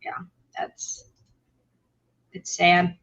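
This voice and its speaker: A woman's voice: drawn-out words, a bit bright. A woman hosting a casual reaction chat, making blunt, matter-of-fact comments. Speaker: host. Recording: slightly dull lo-fi audio.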